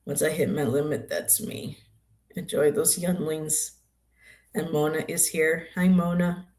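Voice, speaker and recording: A woman's voice: deep voice, steady tone, measured pace, a little mellow. An older woman hosting a tarot livestream, chatting casually and greeting viewers by name.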